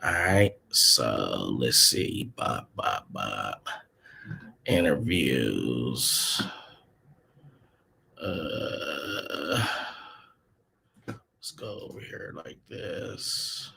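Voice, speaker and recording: A man's voice: a bass voice, sing-song, very slow, creaky, long pauses, pushed and bright, slightly rough. A man hosting a casual livestream chat, thinking aloud at his computer and putting probing questions to his guests. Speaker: host. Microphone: desk mic at a computer.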